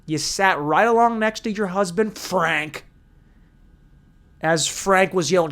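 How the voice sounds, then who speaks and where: A man's voice: high voice, slow pace, fairly bright tone. A man hosting a solo comedy podcast, ranting crudely and energetically. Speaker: podcast host.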